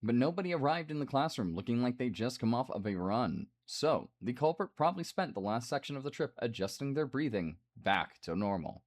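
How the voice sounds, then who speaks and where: A man streaming a game, reading the dialogue aloud and breaking off for quick asides. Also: mid-range voice, lively intonation. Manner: reads the game's lines aloud with asides.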